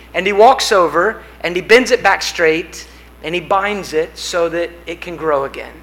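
A pastor with a high, bright voice preaches a sermon like a story, rising and building in force on the big images before settling back down. The audio quality is poor.

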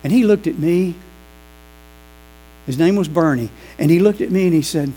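A pastor preaching a sermon, telling lively stories and acting out the people in them. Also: male voice, a little high, normal speed, pauses often, rough recording. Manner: animated, acts out quoted voices. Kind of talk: sermon with storytelling.

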